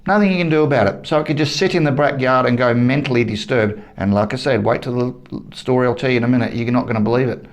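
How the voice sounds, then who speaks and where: Australian bloke, mid-pitch voice, ranting to camera, heated, profane and repetitive. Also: male voice, fairly even intonation, quick pace, hardly any pauses. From Western Australia. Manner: heated, blunt and profane, repeats himself for emphasis. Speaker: vlogger. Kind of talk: angry opinion rant to camera.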